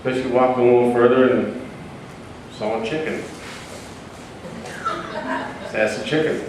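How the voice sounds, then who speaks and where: A man telling a folksy joke story to a live audience, deadpan with loose pauses. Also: medium pitch. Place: large conference hall. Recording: echoey hall from far off, noisy.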